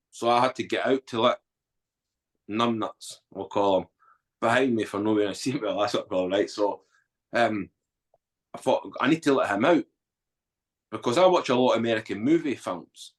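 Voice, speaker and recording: Low-voiced man, blunt storyteller. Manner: blunt, swears freely, animated retelling. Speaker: podcast guest. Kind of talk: candid storytelling.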